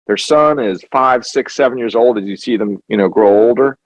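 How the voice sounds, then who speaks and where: A man's voice: medium pitch, moderate pace. A man speaking earnestly as a documentary filmmaker guest in a conversational interview, repeating words for emphasis. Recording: dull lo-fi dry sound.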